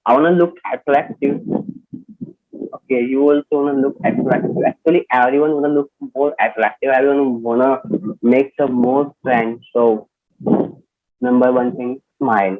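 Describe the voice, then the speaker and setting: A man's voice: mid-range voice, steady tone, moderate pace. A man teaching an online personality development class, explaining points and checking in often with the listeners. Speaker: instructor. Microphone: video call. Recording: tinny phone-like online call audio.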